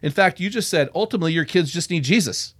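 A man hosting a faith-focused podcast interview, enthusiastic and quick to quote authors. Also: on the high side, lively intonation, dry recording, clean studio sound. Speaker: podcast host.

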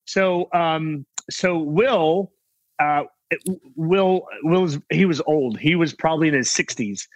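A middle-aged man with a fairly high voice spins a loose, rambling anecdote from a film set. He restarts often and slips in quick impressions of others. The sound is close and completely dry. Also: dry recording, lo-fi sound. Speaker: guest actor telling set stories. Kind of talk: casual anecdotal storytelling.

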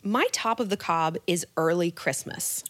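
Animated woman from Southern California. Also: lowish voice, a little slow. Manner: animated, exasperated ranting. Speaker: podcast co-host. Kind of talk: comedic podcast chat.

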